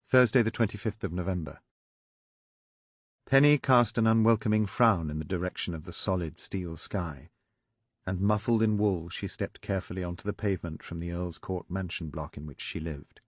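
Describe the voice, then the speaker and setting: A man narrating a political thriller audiobook in a measured, even storytelling manner. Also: low-pitched, breathy edge, no room sound, clean studio sound. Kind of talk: scripted narration.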